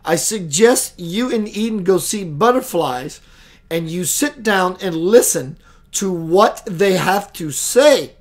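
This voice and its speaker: Picture a serene male alien mentor, as a man quotes him in a slow, deliberate voice. Each instruction comes out measured and patient. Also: high-pitched, lively intonation. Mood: calm, guiding. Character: calm wise male alien guide.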